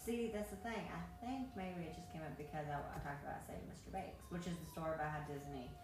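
Lower-voiced woman, distant and echoey. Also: fast talker. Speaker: podcast co-host. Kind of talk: casual chat. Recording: echoey, off-mic.

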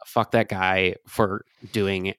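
A man from Michigan co-hosts a podcast in a blunt, casual way and swears when something upsets him. His voice sits on the low side. The sound is dry and close. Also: little pitch movement, slow pace, fairly bright tone, clean tone, no echo. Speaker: podcast co-host. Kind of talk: casual chat.

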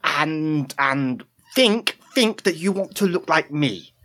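A man's voice: fairly high pitch, lively intonation, takes it slowly, a bit bright, dry recording, pitched above the performer's own voice. A man voicing a fussy, verbose male halfling scholar who rambles, stammers and talks formally in a tabletop game. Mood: explaining.

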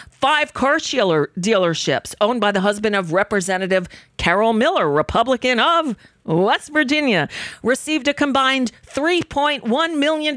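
Woman talk host, angry profane ranter, animated, dry close sound. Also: medium pitch, dry recording. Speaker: radio talk show host. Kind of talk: political talk radio monologue.

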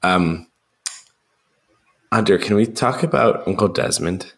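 Deep-voiced man rambling about a film. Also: slow pace, fairly bright tone. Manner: rambling, lots of ums, acts out film lines in a raised voice. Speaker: podcast co-host. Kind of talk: casual chat about a film.

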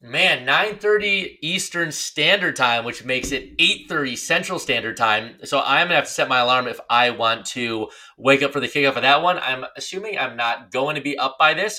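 A young man co-hosting a sports podcast, chatting in a relaxed, slightly rambling way. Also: mid-range voice. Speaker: podcast co-host. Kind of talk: casual sports chat.

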